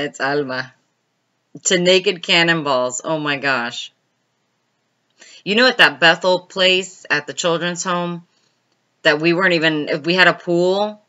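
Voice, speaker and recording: A woman's voice: low-pitched, bright, forceful tone, lo-fi sound. A woman hosting a casual live stream, chatting and laughing as she answers viewers' comments by name.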